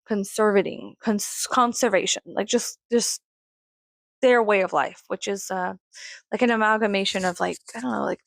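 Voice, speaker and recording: A woman's voice: gravelly, dry recording, studio quality. A young woman from Texas with a faint Texas accent, rambling casually in a vlog, swearing often and acting out other people's voices. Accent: mild Texas. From Texas, USA. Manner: rambling, swears often, acts out quoted voices with big pitch jumps. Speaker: vlogger.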